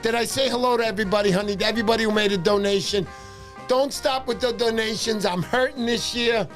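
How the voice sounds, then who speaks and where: A man hosting a fishing livestream, talking fast and excitedly, shouting cheers and pitching memberships. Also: faint music behind. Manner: loud, hyped, shouting cheers. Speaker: livestream host. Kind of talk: excited casual livestream chat.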